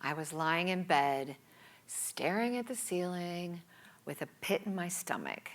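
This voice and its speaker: Slow, animated woman telling a story. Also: fairly low pitch. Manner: dramatic, playful delivery with whispered asides. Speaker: speaker. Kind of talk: scripted storytelling talk.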